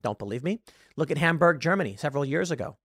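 A man's voice: on the high side, expressive, fast, a bit bright, slightly rough, no echo, clean studio sound. A man hosting a political commentary monologue, talking in an emphatic, argumentative way and correcting himself as he goes. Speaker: host.

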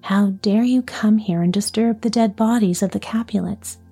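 A woman's voice: mid-range voice, normal speed, warm tone, breathy edge, soft background music. A woman voicing a proud, hostile young nobleman in a storybook reading. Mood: defiant. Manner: stern, accusing.

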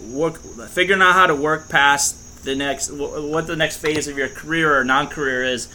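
A man with a bright, fairly high and edgy voice trades blunt, sardonic remarks as a podcast co-host. He swears often and mocks easily, in a loose conversational flow. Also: fairly even intonation, moderate pace, slight background noise, low-quality recording. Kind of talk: casual chat.

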